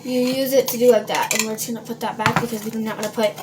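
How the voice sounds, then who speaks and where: A high-pitched woman chats through a casual baking vlog. She rambles along, full of fillers, and talks straight to her viewers. Dishes and cutlery clatter around her in a noisy home kitchen. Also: level tone, very fast. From Minnesota. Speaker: home baker vlogger.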